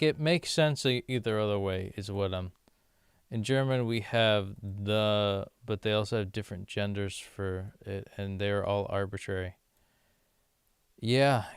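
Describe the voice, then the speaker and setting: A man's voice: fairly low pitch, smooth, no room sound, clean studio sound. A man from the United States giving casual, rambling commentary while doing language-app lessons, full of "like" fillers and amused asides. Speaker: vlogger learning a language.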